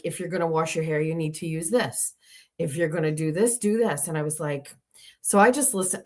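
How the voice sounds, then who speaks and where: Low-voiced woman rambling on a livestream. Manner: rambling, loose, with many fillers and restarts. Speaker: livestream host. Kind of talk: casual livestream chat. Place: at home.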